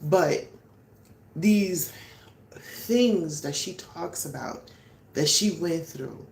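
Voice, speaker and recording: A woman's voice: low-pitched, expressive, extremely slow, gravelly. A middle-aged woman hosting a casual live stream, talking in a rambling way with many fillers and restarts. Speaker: vlog host. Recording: echoey room, faint background noise.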